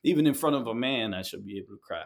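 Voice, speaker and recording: A man's voice: mid-range voice, lively intonation, vocal fry. Man from New York telling a heartfelt story. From New York City. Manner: heartfelt, halting, many fillers and restarts. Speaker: guest artist. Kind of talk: candid personal storytelling in an interview.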